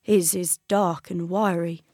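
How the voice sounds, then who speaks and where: A woman's voice: on the low side, steady tone, slow pace, darkish tone, dry recording, studio quality. A woman voicing a plain-spoken, folksy man answering questions in a read-aloud novel.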